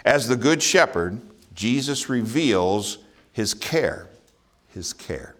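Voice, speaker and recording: A man's voice: mid-range voice, slow. A man preaching a sermon, earnest, asking his listeners rhetorical questions and chuckling now and then. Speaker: pastor.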